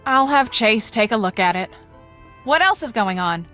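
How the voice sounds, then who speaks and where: An actress voicing a brisk, dryly sarcastic woman who runs a ranch, in a video game. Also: a little high, expressive, fairly bright tone, faint music behind. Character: brisk woman ranch boss, dry and wisecracking.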